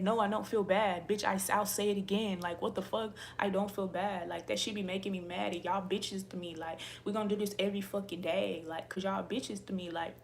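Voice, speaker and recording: A woman's voice: medium pitch, slight background noise. Angry, profane woman ranting. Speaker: tarot reader and YouTuber. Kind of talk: casual ranting to camera.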